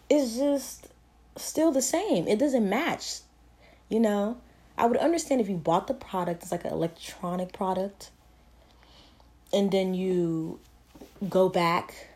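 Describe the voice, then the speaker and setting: Chatty young woman, mellow voice. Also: mid-range voice. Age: young adult. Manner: chatty, rambling, self-deprecating with frequent fillers. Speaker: podcast host. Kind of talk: casual solo podcast chat.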